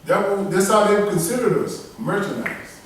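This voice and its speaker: A man's voice: high voice, lively intonation, normal speed, heavy reverb, far from the mic, noisy background. A man preaching a sermon with emphatic delivery, calling on a reader to read scripture aloud. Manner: emphatic, preaching in dialect with call-and-response to a reader.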